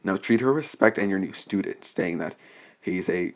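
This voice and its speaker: Young man, low-ish voice, unscripted fan story recap, hesitant, rambling delivery. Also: normal speed. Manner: rambling and hesitant, many restarts and fillers.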